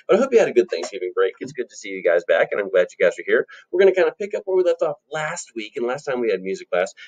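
On a muffled recording, a male music teacher gives a lesson to children in a slightly rough, somewhat mellow voice. He's friendly and encouraging, explains things patiently, and sings short phrases up high.

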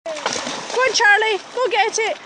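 A dog daycare owner walks dogs by a river in the woods, filming them on a handheld camera and chattering an excited, cooing running commentary as she calls to them. Her voice is very high and slow, and the outdoor river recording is noisy.

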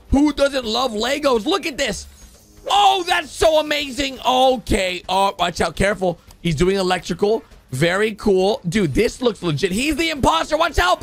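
A man gives hyped-up commentary over faint background music. His voice sits very high and leaps around, with a gravelly edge. He keeps exclaiming as he goes. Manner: excitable, exclaiming, quick gasps and laughs. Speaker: YouTube host. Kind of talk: excited reaction commentary.

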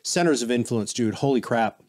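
A man's voice: mid-range voice, normal speed. A man guest on a business podcast, telling stories in casual interview talk and acting out the people he quotes. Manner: animated storyteller, quotes people in voices.

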